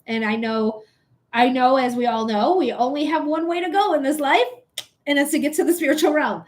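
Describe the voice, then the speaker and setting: Giggly high-voiced woman chatting on a livestream. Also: slight background noise. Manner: chatty, giggly, goofy and rambling. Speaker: livestream host and reader. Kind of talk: casual livestream chat.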